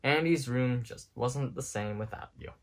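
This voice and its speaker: A man voicing a steady male cowboy toy leader in a storybook reading, speaking low and reassuringly. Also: measured pace, lightly acted. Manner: calm, reassuring, lower voice.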